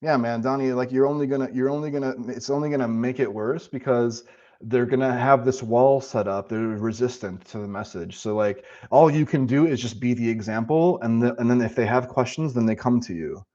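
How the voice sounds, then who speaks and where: A man's voice: mid-range voice, fairly quick, warm tone, lo-fi sound. A man live-streaming and answering chat in a casual, profane, rambling way, talking about spiritual ideas.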